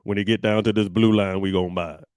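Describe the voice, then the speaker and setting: A man voicing laid-back wealthy male market insiders with a slow, offhand, low drawl. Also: fairly even intonation, darkish tone, clear, resonant tone, no echo, lightly acted.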